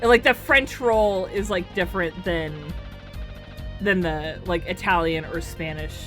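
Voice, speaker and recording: A woman's voice: on the low side, measured pace, music in the background. A woman hosting a game stream, chatting with friends and laughing, swearing freely as she reads the game aloud. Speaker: streamer and host. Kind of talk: casual stream chat and reading game lines aloud.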